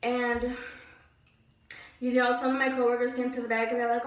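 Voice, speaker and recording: A young woman vlogger retells a story in an animated, exasperated way, stacking up "like"s and letting out heavy sighs. Her voice sits a little high. She is recorded from a distance in a very echoey room. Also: unhurried, long pauses. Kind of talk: casual storytime vlog. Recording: very echoey room, voice away from mic.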